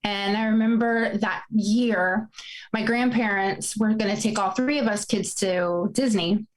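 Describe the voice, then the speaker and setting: A woman's voice: medium pitch, steady tone, measured pace, poor audio. A woman in her forties telling a painful personal story, fighting back tears as she speaks. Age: 40s. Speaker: guest.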